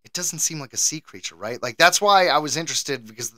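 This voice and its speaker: An American man co-hosting a casual podcast, animated and quick to laugh as he runs a trivia game. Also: on the high side, no room sound. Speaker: podcast co-host. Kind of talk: casual chat.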